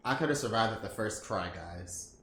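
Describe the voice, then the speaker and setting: A man's voice: lowish voice, lively intonation, moderate pace, roomy sound, very noisy. A man hosting a gaming let's-play, joking, swearing and talking straight to his viewers. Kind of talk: casual game commentary.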